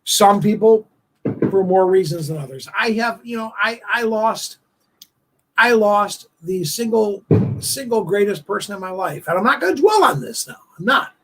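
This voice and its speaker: A man hosting a casual live-stream chat show, rambling and emotional with many halting restarts. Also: high-pitched, lively intonation, a bit bright, slight background noise, poor audio. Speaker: host of a live online talk show.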